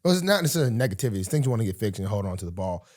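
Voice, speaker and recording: A young man, a football player co-hosting a podcast, talking casually in halting phrases full of restarts. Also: lowish voice, big pitch swings, a little mellow. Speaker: pro football player, co-host.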